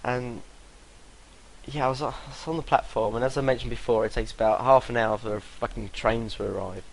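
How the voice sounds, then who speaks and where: A man's voice: medium pitch, fairly even intonation, fairly quick, gravelly, a little hiss or hum, poor audio. A young man telling a rambling story to camera, swearing freely and laughing between sentences. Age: young adult. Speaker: vlogger.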